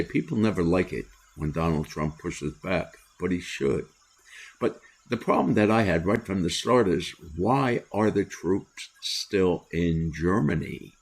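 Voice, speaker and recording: An older American man hosting a solo commentary, talking in a deliberate, opinionated way with many "uh" pauses. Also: deep voice, husky. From United States. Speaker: commentary host.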